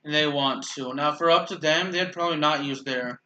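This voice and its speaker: A man's voice: a little high, brisk, sharp tone, lo-fi sound, slight background noise. A man giving casual, rambling commentary while playing a video game, often restarting his sentences and making dry sarcastic remarks about his teammates. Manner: rambling, self-correcting, dryly sarcastic. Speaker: gaming channel host.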